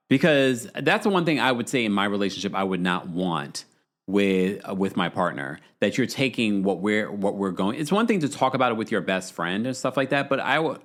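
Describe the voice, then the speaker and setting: A man hosting a live-stream reality TV recap, chatting casually and reading out viewer comments. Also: fairly low pitch. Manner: chatty, animated, reads viewer super chats. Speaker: podcast host.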